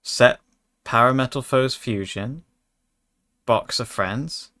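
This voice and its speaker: A man's voice: medium pitch, takes it slowly, pushed and bright. A man streaming a card game, chatting casually with his chat and joking in mock anger. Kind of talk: casual gaming commentary.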